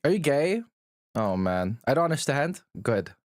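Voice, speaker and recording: A man's voice: medium pitch, big pitch swings, measured pace, no room sound, clean studio sound. Blunt, profane male streamer. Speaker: livestreamer. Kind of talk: casual livestream chat.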